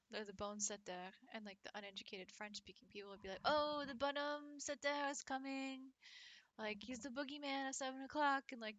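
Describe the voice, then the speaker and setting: A woman's voice: medium pitch, pushed and bright, no room sound. A young woman, a French teacher, chatting casually with her stream viewers, talking loosely with many "likes" and laughing often.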